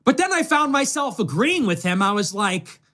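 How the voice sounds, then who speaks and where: A man with a notably high voice speaks in a played commentary clip. His delivery is sarcastic and mocking. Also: sing-song, moderate pace, sharp tone.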